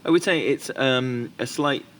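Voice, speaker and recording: A man chats as a podcast co-host, recounting anecdotes with lively acted-out quotes. His voice sits at an ordinary middle pitch. Faint noise hums behind him. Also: normal speed. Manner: animated storytelling, voices quoted people. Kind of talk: casual chat.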